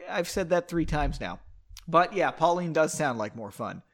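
A man's voice: fairly high pitch, lively intonation, normal speed, fairly bright tone. A man hosting a casual podcast where he reads his own book and comments on it, rambling, self-mocking and trailing off.

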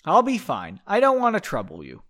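A man's voice: high voice, wildly swooping pitch, fairly quick, fairly bright tone, voice pushed up, heavily acted. A man voicing a nervous young man trying to sound cheerful.

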